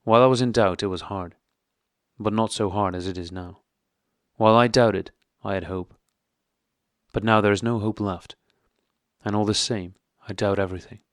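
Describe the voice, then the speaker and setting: A low-voiced male reader as a cold, formal, wounded husband, measured and dry. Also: dry recording, close to an everyday voice. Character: cold, stiff, wounded middle-aged husband.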